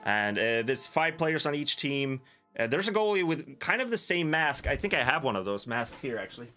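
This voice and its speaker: A man's voice: medium pitch, big pitch swings, normal speed, sharp tone, faint music behind. A young Swedish man with a Swedish accent, hosting a casual livestream, rambling and chuckling at his own jokes while he answers viewers. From Sweden. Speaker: livestream host. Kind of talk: casual livestream chat reading viewer comments.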